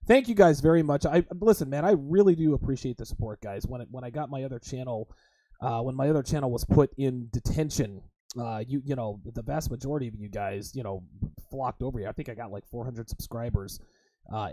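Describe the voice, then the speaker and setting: A man's voice: mid-range voice, mellow, no echo. A man hosting a livestream podcast, talking crudely and emphatically and repeatedly calling his listeners guys. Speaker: host.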